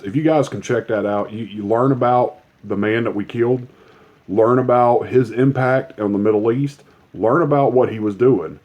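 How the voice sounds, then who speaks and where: A man in an angry, swear-laden rant, his tone dark and mellow at an average pitch. He hammers his points home with emphatic repetition. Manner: profane, heated, emphatic. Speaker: commentator.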